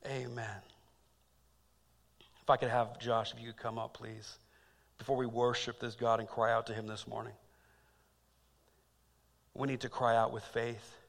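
Preacher man swinging hushed to loud. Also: mid-range voice, little pitch movement, measured pace, creaky, long pauses, in a large hall. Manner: repeats phrases for emphasis. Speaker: pastor. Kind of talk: sermon.

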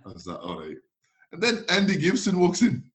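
A former footballer, speaking in a high-pitched voice and a little fast, casually tells an anecdote. He's animated, acting out the dialogue and laughing as he goes.

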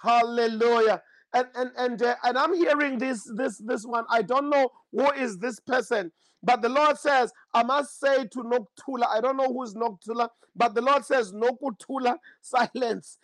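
A man's voice: extremely high pitch, normal speed, fairly bright tone, no echo, rough recording. A man delivering a fervent prophetic sermon and prayer, repeating praise phrases often. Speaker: preacher.

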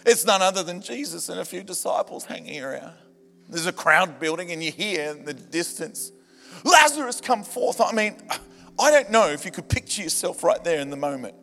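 A man preaching a sermon to a church, animated and humorous, rising to shouts at times. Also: a little high, brisk, creaky. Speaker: pastor. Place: church hall. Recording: reverberant church hall with music. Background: band music.

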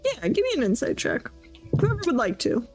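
A woman running a tabletop game as game master, narrating in a relaxed, hesitant way with many fillers. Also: sits high, fairly quick, slightly rough, faint music behind, rough recording.

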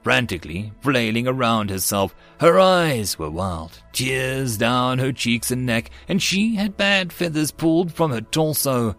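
A man narrating a web novel audiobook in an animated storytelling manner. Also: medium pitch, measured pace, few pauses, soft background music.

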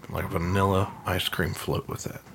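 A man's voice: low voice, little pitch movement, moderate pace, creaky, noisy background. A man co-hosting a podcast in casual chat, teasing his friends and laughing often. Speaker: podcast co-host.

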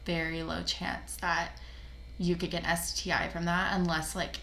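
A woman's voice: fairly low pitch, little pitch movement, normal speed, creaky, sharp tone. A young woman co-hosting a podcast in casual chat, giggly and chatty with plenty of filler words. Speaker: podcast co-host. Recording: echoey room with faint background noise.

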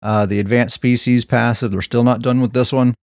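A man's voice: medium pitch, flat delivery, fairly quick, dry recording, clean studio sound. A man hosting a casual gaming podcast, talking through patch notes in an upbeat way. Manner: upbeat, explains game patch details. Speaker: podcast host.

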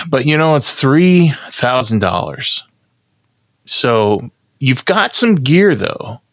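A man's voice: mid-range voice, very animated, slow pace, fairly bright tone, dry recording, studio quality. A man co-hosting a podcast, introducing a game segment in a mock announcer tone and explaining it unhurriedly. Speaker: podcast co-host.

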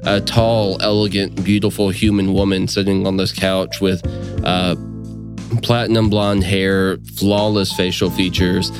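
A man running a tabletop game as game master. He narrates in a relaxed, easygoing way with frequent fillers. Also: sits low, unhurried, over music.

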